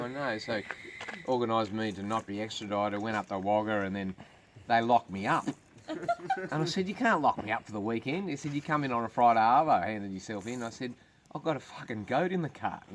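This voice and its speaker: Swearing Australian comedian spinning yarns. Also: male voice, mid-range voice, expressive, moderate pace, a crowd in the background. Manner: crude, swearing yarn-spinner. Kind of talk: casual storytelling. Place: outdoors on a farm.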